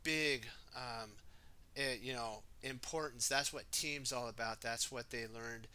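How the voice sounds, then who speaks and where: A man's voice: mid-range voice, measured pace, smooth. A man reading a children's storybook aloud, chatting casually and asking the listener questions. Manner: shouts the heroes' lines in a raised, excited voice. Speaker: storybook reader. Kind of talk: casual read-aloud for kids.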